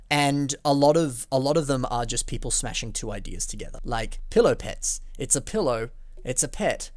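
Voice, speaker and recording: A man's voice: medium pitch, no room sound. Chatty man rambling through feedback, dry sound. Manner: chatty and rambling, full of fillers. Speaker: host reviewing fan building projects. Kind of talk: casual video commentary.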